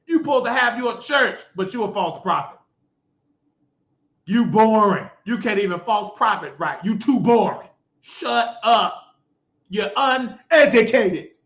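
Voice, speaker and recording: A man's voice: sits high, a bit bright. A middle-aged man hosting a talk show, delivering a scolding, mocking, preachy rant. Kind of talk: ranting monologue. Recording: echoey lo-fi room sound.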